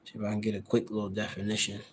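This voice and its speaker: A man in a casual scripture study, loose and conversational, reading verses slowly and sounding out words to define them, recorded on a handheld phone. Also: on the low side, monotone, a little hiss or hum, poor audio. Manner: loose and conversational, heavy on "you know" and "all right". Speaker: Bible teacher. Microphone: handheld phone camera, no tripod.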